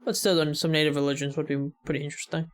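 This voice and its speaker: A man's voice: fairly high pitch, level tone, racing. An American man hosting a reaction video, talking casually and rambling with many fillers. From United States.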